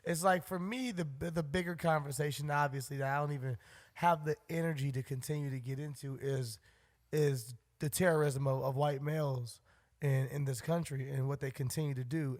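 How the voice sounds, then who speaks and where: A man's voice: mid-range voice, steady tone, a little fast, a little mellow. A man co-hosting a podcast, talking bluntly and heatedly in casual chat and swearing freely. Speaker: podcast co-host.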